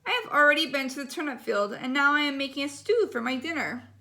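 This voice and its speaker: A woman's voice: high-pitched, lively intonation, fast, pushed and bright, heavily acted. A woman doing a clever, cheeky little pig.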